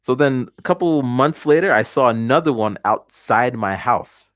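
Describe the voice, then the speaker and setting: A man's voice: medium pitch, brisk, few pauses, dry recording, clean studio sound. A man in his forties chatting casually on a livestream at home, telling stories with voiced reactions. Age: 40s. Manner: animated storytelling with voiced reactions. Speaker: livestream host. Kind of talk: casual chat.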